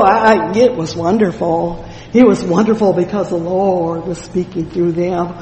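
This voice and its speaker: A preacher's steady, slightly mellow mid-range voice moves unhurriedly through a fervent sermon in an echoey hall with long reverb. He reads scripture, often exclaims "praise the Lord," and drifts into loose asides with frequent "you know" fillers and restarts.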